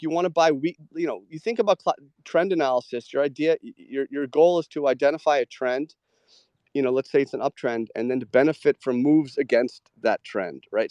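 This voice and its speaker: A man hosting a live audio show, chatting casually about trading with many "like" fillers and quick agreeing murmurs. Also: medium pitch, a little mellow, no room sound.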